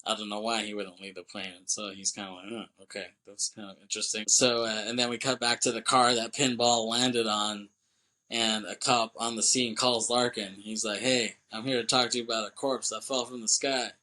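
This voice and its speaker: Young male podcaster, bright forceful tone, loose rambling recap with quick character impressions. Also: lowish voice, flat delivery, low-quality recording. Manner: rambling retelling, quoting characters with quick voice shifts. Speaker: podcast co-host. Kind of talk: casual movie recap.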